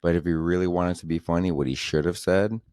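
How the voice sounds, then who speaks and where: A man's voice: low voice, steady tone, quick pace, darkish tone, dry recording. A man hosting a solo podcast, rambling casually with profane jokes. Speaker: podcast host.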